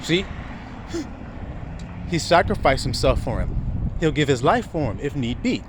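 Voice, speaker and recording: A man's voice: on the high side, big pitch swings, a little slow, noisy background. A man preaching a sermon to his flock, asking rhetorical questions and chuckling often.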